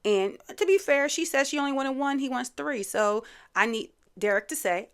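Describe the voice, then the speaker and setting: Her high-pitched voice is expressive, a bit bright, and smooth, moving at normal speed with few pauses. She hosts an informal reality TV recap, chatting away with strong opinions, asides, and plenty of "you know."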